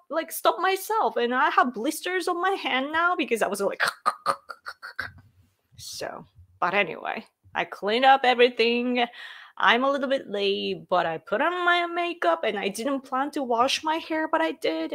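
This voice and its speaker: A woman's voice: high-pitched, lively intonation, moderate pace, a bit bright. A woman from Japan with a Japanese accent, hosting a casual livestream chat from a room at home, laughing often and filling with "like". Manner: chatty, giggly, filler-heavy, reads out comments. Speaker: livestream host.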